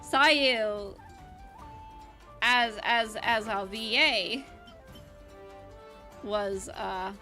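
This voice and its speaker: A woman's voice: on the high side, very slow, long pauses, sharp tone, soft background music. A woman VTuber chatting casually while gaming, giggling often and rambling with restarts. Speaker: VTuber streamer. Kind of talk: casual live-stream chat while gaming.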